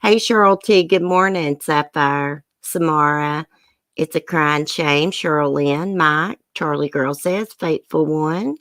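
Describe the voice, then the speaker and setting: A low-pitched woman chats casually on her live stream, greeting viewers by name. Her talk is soft-hearted and emotional. The sound is dry and close, with no room in it. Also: slow pace, no room sound. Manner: chatty, greets viewers by name, says y'all.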